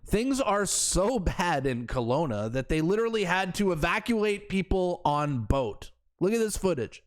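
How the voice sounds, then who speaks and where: High, animated sarcastic male commentator. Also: normal speed. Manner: sarcastic, incredulous. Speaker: political commentary host. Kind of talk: opinionated commentary.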